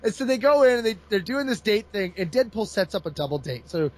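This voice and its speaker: A man's voice: high voice, quick pace. A man in casual chat, retelling a comic book plot with lots of laughter and put-on voices. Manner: animated storyteller, laughs often.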